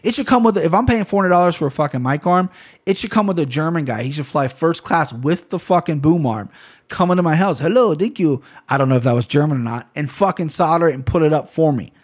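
A man talking to camera in a casual solo rant, rambling and cursing freely, with bursts of loud mock outrage. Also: on the high side, lively intonation, fast. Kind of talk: casual solo rant about gear and fight news.

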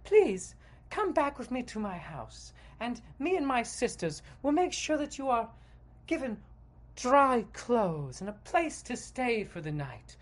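A man's voice: very high-pitched, sing-song, unhurried, pitched above the performer's own voice, exaggerated voice. A man voicing an alluring young woman who lures a guest home, sweet and inviting.

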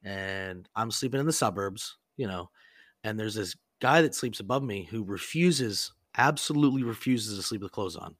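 A man's voice: lowish voice, animated, normal speed, fairly bright tone, dry recording, studio quality. Profane rambling man swapping stories. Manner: profane, rambling, laughs often. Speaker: podcast host. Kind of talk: casual storytelling chat.

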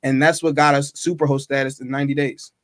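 A man guest on a podcast, telling a story in a chatty, animated way with lots of fillers. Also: medium pitch, quick pace, no echo, clean studio sound. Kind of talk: casual storytelling.

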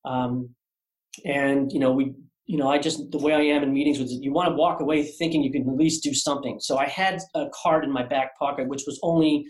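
A man's voice: medium pitch, steady tone, brisk. A man telling a long story as an artist guest on a podcast, rambling with many fillers and restarts. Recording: roomy echo.

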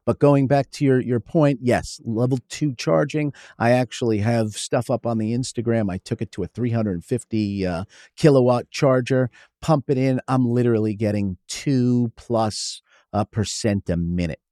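A man as an interview guest, eagerly explaining in quick lists and acting out stories from his shop. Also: mid-range voice, warm tone, no echo, clean studio sound. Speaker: guest, company founder. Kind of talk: interview conversation.

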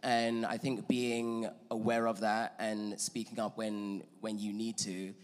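A man's voice: lowish voice, little pitch movement, slow pace, smooth. A man, a panelist speaking in an earnest, emphatic way. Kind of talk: panel discussion. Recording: long hall reverb.

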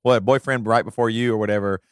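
A man trades jokes and teasing questions on a podcast, his pitch sitting in the middle. The mic is close and dry. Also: fairly even intonation, clean tone, no room sound. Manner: teasing, quick back-and-forth with laughs. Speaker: podcast co-host. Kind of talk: casual chat.

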